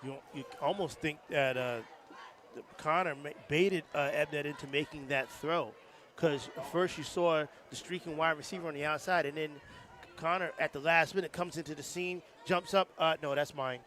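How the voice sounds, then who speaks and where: A man giving color commentary on a college football game, his voice on the higher side. He breaks up his analysis with fillers and restarts, and his sentences come out in halting bursts. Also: fairly bright tone. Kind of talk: live sports commentary. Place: outdoor stadium press box.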